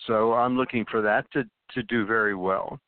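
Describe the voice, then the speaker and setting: A man's voice: fairly low pitch, fairly even intonation, normal speed, smooth, no room sound. Guy actor chatting on a call, laughs a lot, tinny dry sound. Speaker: actor guest. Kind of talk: casual interview chat. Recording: dry, phone-like call audio.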